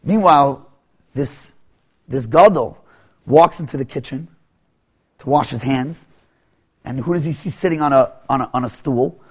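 A man telling a teaching story, often halting, repeating words and restarting. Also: mid-range voice, breathy edge. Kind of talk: storytelling lesson.

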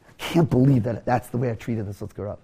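A man voicing a grumpy male innkeeper who snaps at his guests, raised and loud. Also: mid-range voice, fast, slightly rough, voice pushed down. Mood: guilty, quiet. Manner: snapping loudly, then mumbling quietly. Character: gruff grumpy male innkeeper, later ashamed.

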